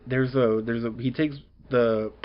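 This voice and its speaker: A man's voice: mid-range voice, fairly even intonation, a little slow, muffled recording. A man casually recapping a comic book story, rambling along with lots of fillers and restarts.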